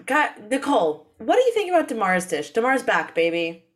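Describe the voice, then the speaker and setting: A woman co-hosting a podcast, chatting in a lively way and often laughing. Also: on the high side, fairly quick. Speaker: podcast co-host. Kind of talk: casual chat.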